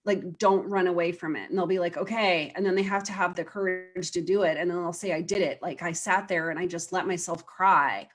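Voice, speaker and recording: Woman guest coach, low-ish pitch, earnest and chatty. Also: steady tone, a little fast, few pauses. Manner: earnest, explains with quoted client voices. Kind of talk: casual interview conversation.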